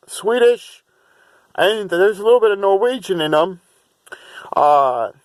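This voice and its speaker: High-voiced man rambling on a dry mic. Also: dry recording. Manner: rambling, restarts and repeats himself; chants long runs of made-up syllables in a raised voice. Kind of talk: rambling vlog monologue.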